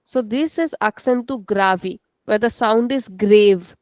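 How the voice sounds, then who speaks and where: A woman's voice: medium pitch, slow pace, darkish tone, no echo. A woman teaching a language lesson, explaining step by step and checking in with "okay". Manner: switches into Hindi to explain.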